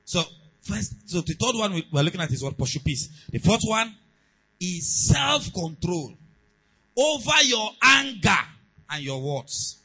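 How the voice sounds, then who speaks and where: Man, pastor, sermon, emphatic, high lively voice, faint music behind. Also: a little slow, slightly rough, rough recording. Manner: emphatic preaching, swinging between quiet asides and loud exhortation.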